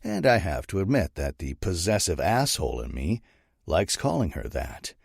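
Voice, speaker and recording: A man narrating a first-person audiobook in a steady, gritty storytelling manner. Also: a bass voice, moderate pace, vocal fry, breathy edge, dry recording, clean studio sound.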